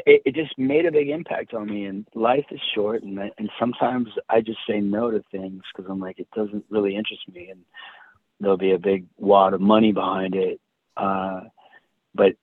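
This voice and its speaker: A man telling a personal story in casual chat, halting and restarting often. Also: fairly low pitch, dry recording. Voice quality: husky, halting with many restarts. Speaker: guest. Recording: tinny phone-like sound.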